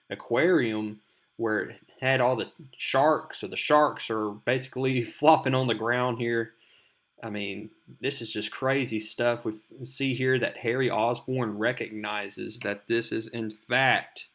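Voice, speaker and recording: A man's voice: mid-range voice, a bit bright. A man hosting a casual comic book recap, talking in a loose, rambling way. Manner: loose, rambling, many "I mean" fillers. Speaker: comic book video host.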